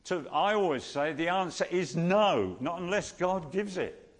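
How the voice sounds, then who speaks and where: A man preaching a sermon, teaching slowly and repeating key phrases for emphasis. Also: high voice, animated, big-room sound.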